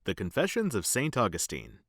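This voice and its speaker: Male narrator, first-person novel, sardonic, rambling, lively pitch, bright tone, dry close sound. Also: normal speed, no room sound. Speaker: audiobook narrator.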